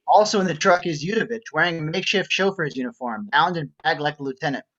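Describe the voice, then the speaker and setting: A man's voice: a little high, animated, fast talker, a bit bright. Man reading stage directions, a bit dull. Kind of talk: script reading narration.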